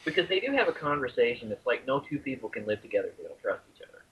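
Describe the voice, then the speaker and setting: A man from the American South talking casually on a podcast, with a husky, raspy edge to his voice. His pitch swings widely as he gets going, stumbling over words when something tickles him. The podcast audio is dull and lo-fi. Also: big pitch swings, racing. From US South (Arkansas, Alabama). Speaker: podcast co-host. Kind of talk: casual chat.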